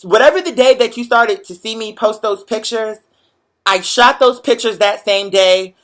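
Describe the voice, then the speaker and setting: A young man hosting a show, chatting to viewers in a lively, profane, motivational storytelling way. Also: sits high, moderate pace. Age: young adult. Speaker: show host. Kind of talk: casual livestream chat to viewers.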